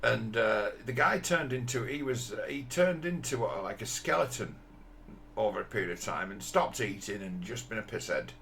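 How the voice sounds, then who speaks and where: Fifties man, deep and rough-edged, rambling blunt monologue with lots of swearing. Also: animated, fairly bright tone, slight background noise. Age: 50s. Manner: blunt, profane, halting with many restarts. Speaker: commentator.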